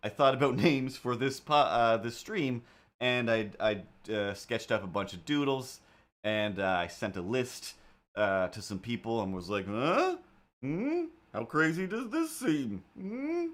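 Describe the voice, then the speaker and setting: A man's voice: lowish voice, measured pace. A man hosting a live drawing stream, chatting casually and mumbling playful asides to himself as he works. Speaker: live-stream artist host. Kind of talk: rambling live-stream chat while drawing.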